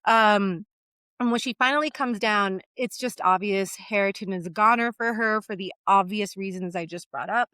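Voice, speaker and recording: A young woman co-hosting a casual book discussion, animated, slipping into voices for characters. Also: mid-range voice, normal speed, smooth, no echo. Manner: animated, acts out characters in quoted asides. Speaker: podcast co-host.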